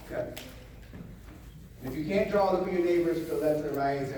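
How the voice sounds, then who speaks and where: A man giving a motivational seminar talk to a live audience, animated, repeating phrases and getting the crowd to answer back. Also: fairly high pitch, moderate pace, pauses often, slight background noise. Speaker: motivational speaker. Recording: echoey hall, voice from a distance.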